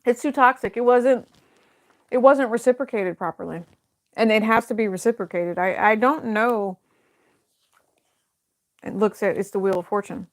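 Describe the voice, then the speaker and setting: A woman's voice: medium pitch, normal speed, pauses often. Woman giving a rambling, hesitant tarot reading. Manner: thinks aloud, hesitant, many fillers and restarts. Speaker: tarot reader. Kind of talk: casual tarot reading to camera.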